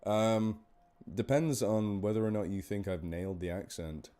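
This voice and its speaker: This live stream horror story reader has a northern English accent and a smooth, mellow voice on the low side, delivered at normal speed. He chats casually with viewers, rambling and pronouncing words with exaggerated care.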